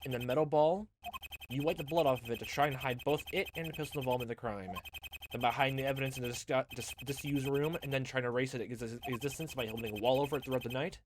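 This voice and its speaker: A man voicing a confident young male defense attorney, accusing a witness in a forceful courtroom manner, over game music. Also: mid-range voice, steady tone, fast talker, background noise, lightly acted.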